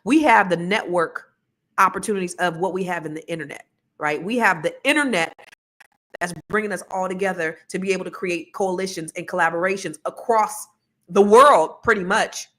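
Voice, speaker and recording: A woman talking casually on a podcast, chatty and energetic, breaking into laughs and quick side notes. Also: fairly low pitch. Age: adult with children. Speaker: podcast co-host.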